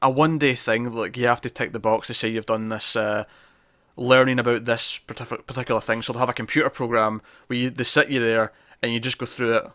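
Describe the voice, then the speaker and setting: A man's voice: medium pitch, level tone, a little fast, pushed and bright, no echo, clean studio sound. A man co-hosting a podcast, reviewing a TV episode in casual chat, rambling with many fillers and restarts.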